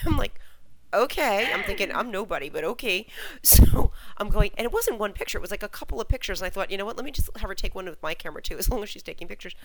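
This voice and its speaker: A woman in casual chat, telling a long anecdote with a lively, swooping voice. She acts out everyone in the story, and faint background noise sits under her words. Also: mid-range voice, fast, poor audio. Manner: animated, acts out quoted voices. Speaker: fan website host.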